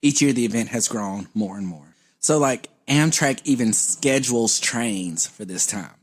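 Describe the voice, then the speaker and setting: A man co-hosting a comedy podcast who talks in a laid-back, wry way. His voice sits at an ordinary middle pitch, and he drops joking asides while telling his story. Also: expressive, unhurried, husky. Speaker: podcast co-host. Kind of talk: casual comedic chat.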